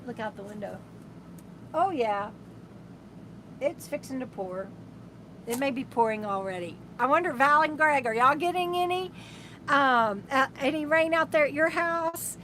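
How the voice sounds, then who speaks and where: A woman's voice: sits high, animated, a little slow, long pauses, pushed and bright, a little hiss or hum. A woman hosts a casual RV live stream from inside her camper, reading viewer comments aloud in an affectionate, rambling way with many restarts. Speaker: RV travel vlogger, host of a live stream.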